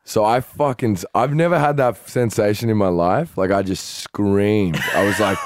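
A man's voice: lowish voice, unhurried, no echo, studio quality. A young Australian man co-hosting a podcast, telling a wild story in casual chat with plenty of swearing. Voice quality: swears freely, animated retelling. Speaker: podcast co-host.

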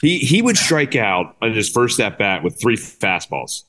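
A middle-aged man as a podcast guest, talking excitably and laughing at himself as he rambles. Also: fairly low pitch, a little slow. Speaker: guest, former player. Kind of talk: casual interview talk.

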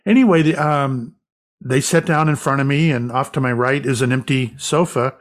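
A man guest in an interview, a medium, recounting an experience as a lively anecdotal storyteller. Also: medium pitch, normal speed.

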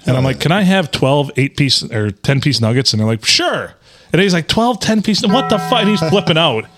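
A man's voice: medium pitch, a little fast, faint music behind. A man hosting a casual podcast, telling stories with lots of acted-out quotes and swearing. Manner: animated storyteller, acts out quotes, swears. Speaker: podcast host. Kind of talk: casual chat.

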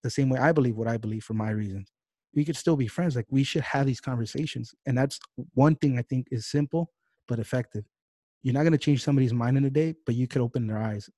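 A man's voice: mid-range voice, dark tone, no echo. Dry-sounding man ranting heatedly. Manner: heated, profane, fast-talking rants. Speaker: podcast host. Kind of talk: casual political rant.

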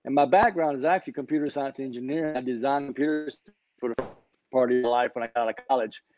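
A man's voice: medium pitch, fast, a little mellow, dull audio, slight background noise. A man in his fifties, a company founder, telling his story with energy in an online podcast interview. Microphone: remote online call.

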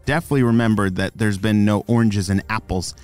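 A man's voice: lowish voice, steady tone, fast talker, darkish tone, no echo, soft background music. A man hosting a children's podcast, narrating a story in a chatty way and talking directly to young listeners. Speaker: storyteller and host of kids' podcast.

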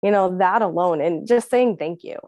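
A woman's voice: lowish voice, moderate pace, darkish tone, no room sound, dull audio. A woman in a heartfelt casual conversation who rambles with lots of "you know" fillers. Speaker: podcast guest sharing a miscarriage experience.

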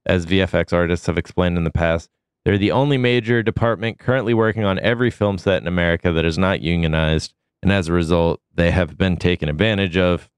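A man co-hosting a podcast, talking through a cold in a deep gravelly voice, relaxed and full of ums. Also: quick pace, dry recording, clean studio sound. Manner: relaxed, with many ums and uhs. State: sick, foggy. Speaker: podcast co-host. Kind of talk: casual news chat.

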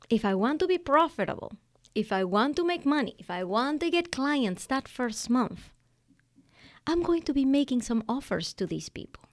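A woman hosting a business coaching podcast, giving advice in an emphatic, conversational way and acting out quotes from clients. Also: mid-range voice. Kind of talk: energetic solo podcast advice.

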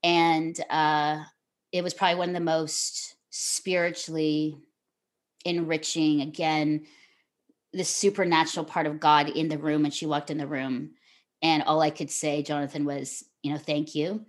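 A middle-aged woman speaks as an interview guest, recounting a deeply personal story. Her voice sits low and she talks earnestly, circling back with restarts and "you know" as she goes. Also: level tone, measured pace. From Canada. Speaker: guest, television host.

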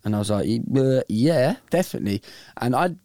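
A man's voice: medium pitch, animated, brisk, warm tone, dry recording. A young man hosting a phone-in show, telling a story in laid-back, rambling casual chat.

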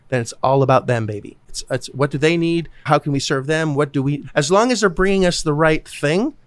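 This male podcast host, a real estate investor, has a slightly high voice, recorded dry. He chats casually and bluntly about real estate deals, swearing freely and doing the voices of people he quotes.

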